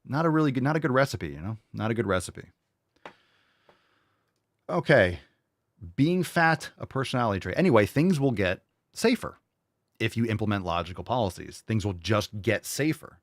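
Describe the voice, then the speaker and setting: Combative male host, low voice, dry close sound, sarcastic ranting commentary. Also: expressive, moderate pace, pauses often, no echo. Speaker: show host. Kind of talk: ranting commentary over video clips.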